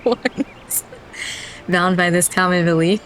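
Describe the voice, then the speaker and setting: A woman's voice: lowish voice, fairly even intonation, slow, fairly bright tone, a little hiss or hum. A young woman reading game dialogue aloud during a playthrough, often breaking into laughter. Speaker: game streamer.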